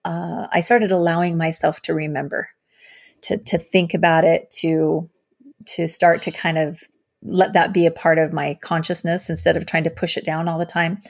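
A woman sharing her personal story as an interview guest, earnest and halting, with many fillers and restarts. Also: low voice, flat delivery, gravelly. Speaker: guest, survivor advocate.

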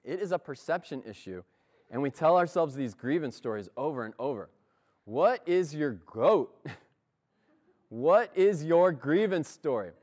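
A man's voice: fairly high pitch, expressive, a little slow, darkish tone. A man preaching a sermon in a church, talking in a conversational way and often laughing.

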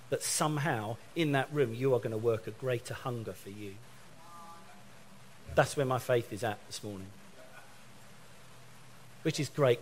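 A middle-aged man from England delivers a sermon in an animated storytelling way. He slips into other people's voices as he acts out phone conversations. His voice sits at an ordinary pitch for a man. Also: slight background noise. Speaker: preacher.

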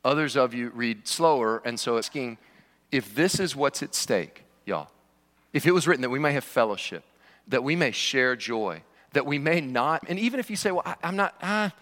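Pastor, man, informal preacher who jokes with the room; sharp, bright tone. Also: mid-range voice, lively intonation, moderate pace. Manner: conversational preaching with joking asides. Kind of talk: sermon. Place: church sanctuary. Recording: long reverb of a large hall.

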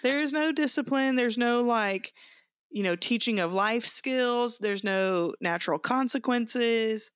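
A woman co-hosting a faith podcast, talking in an animated, quick way and laughing often. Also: on the high side, clear, resonant tone, no room sound, studio quality. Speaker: podcast co-host. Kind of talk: casual chat.

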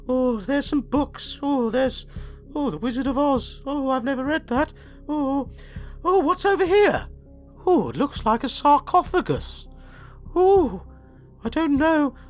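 A man's voice: very high-pitched, pitched above the performer's own voice. A man voicing a fussy woman working in a charity shop in an improvised comedy sketch, full of little oohs and ohs. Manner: twittering, lots of oohs and ohs.

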